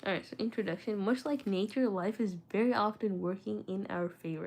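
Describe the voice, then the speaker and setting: Speaking briskly with few pauses, this study vlogger has a medium-pitched, somewhat dark voice. The young woman wears retainers that slightly thicken her words as she chats with viewers, talks to herself, and reads from a book, tripping up and starting over.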